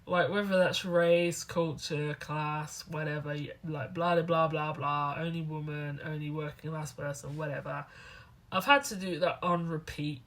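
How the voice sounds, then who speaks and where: A woman, chatting to camera as a student vlogger, rambling and animated. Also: low voice, normal speed. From England. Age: 20s. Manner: rambling, animated, acts out other people's lines. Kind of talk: casual talking-to-camera vlog.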